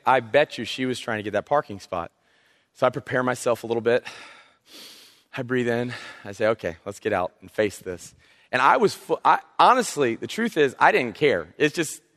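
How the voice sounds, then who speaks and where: A pastor from South Carolina, preaching a sermon through animated, humorous storytelling. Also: male voice, on the high side. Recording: long reverb of a hall.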